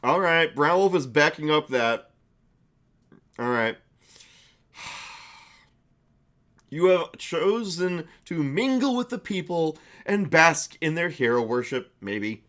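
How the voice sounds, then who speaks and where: A man's voice: on the high side, big pitch swings, slow pace, long pauses, fairly bright tone. A young man narrating a tabletop game for a live-stream chat, chatty with frequent fillers and laughs.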